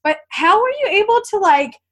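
A woman hosting a podcast interview, talking in a chatty, animated way with quick asides. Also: very high-pitched. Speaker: podcast host. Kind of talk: casual interview chat.

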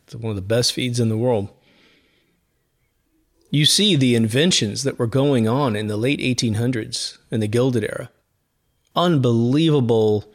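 A man's voice: mid-range voice, a little slow, long pauses. Rambling middle-aged man hosting a podcast. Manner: rambling, conversational, frequent asides. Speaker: podcast host. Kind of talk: casual monologue.

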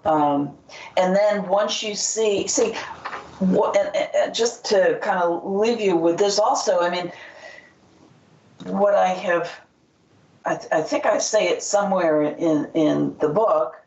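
A woman's voice: fairly low pitch, slow pace, gravelly, darkish tone. Woman author guest, rambling and hesitant, echoey room, muffled lo-fi sound. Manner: rambling, hesitant, many fillers and restarts. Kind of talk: casual interview talk. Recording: distant, roomy, dull audio.

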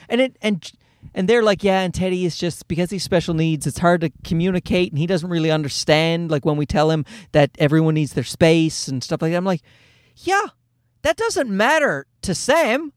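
Heated man ranting, high lively voice. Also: no room sound, clean studio sound. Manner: heated, ranting, quotes others in his own voice. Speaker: storyteller recounting a personal story. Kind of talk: casual conversational storytelling.

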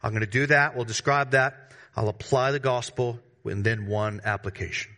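Male pastor, bright voice, emphatic sermon delivery with sudden bursts and slangy asides. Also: fairly even intonation, normal speed. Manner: emphatic preaching with sudden rises in pitch and volume.

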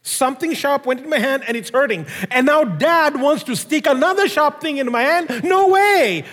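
Man preaching, really high voice for a guy, lively storytelling, big reverb. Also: moderate pace. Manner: animated storytelling, addresses the congregation directly. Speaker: pastor. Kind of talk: sermon.

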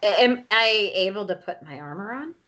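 A woman's voice: mid-range voice, expressive, moderate pace, sharp tone, highs cut off, a little hiss or hum. A woman player chatting casually at a tabletop game, bubbly and chatty.

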